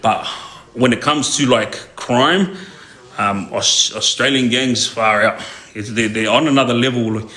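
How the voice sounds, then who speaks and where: A young man speaks at a measured pace in a medium-pitched voice that sounds pushed and bright. He's telling casual stories on a live stream, slangy and often laughing, in an echoey room with faint music.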